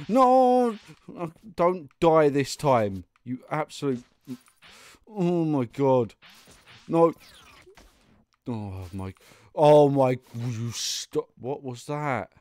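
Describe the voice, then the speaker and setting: A man's voice: mid-range voice, slow, dry recording. A young man commentating his own gameplay, muttering and getting exasperated, with sudden outbursts and laughs. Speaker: gaming YouTuber. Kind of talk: let's play commentary.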